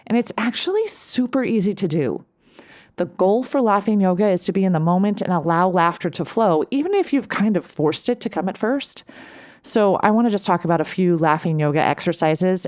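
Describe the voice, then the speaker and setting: A woman's voice: on the low side, a little mellow, dry recording, studio quality. Upbeat woman coach, laughing easily. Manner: upbeat, laughs easily, often asks "right?". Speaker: life coach and podcast host. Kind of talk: solo podcast talk, coaching advice.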